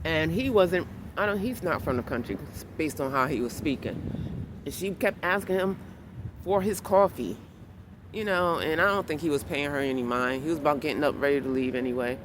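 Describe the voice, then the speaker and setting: A woman vlogging and telling a story in a blunt, animated way that turns heated. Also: sits low, a little fast. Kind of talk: casual storytelling vlog. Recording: clear outdoor street noise behind.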